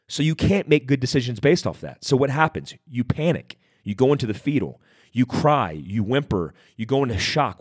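A man's voice: medium pitch, no room sound, studio quality. A man hosting a podcast, talking directly and conversationally about handling stress, repeating phrases for emphasis. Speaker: podcast host. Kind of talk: motivational talk.

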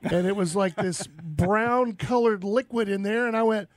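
Brief: high-voiced Southern radio host, rambling animated storyteller, dry close sound. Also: male voice, unhurried, dry recording. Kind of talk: casual radio chat.

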